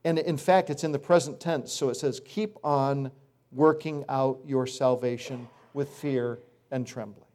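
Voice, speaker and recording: A middle-aged male pastor preaching a sermon, animated and acting out complaining voices now and then. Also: medium pitch, a little slow.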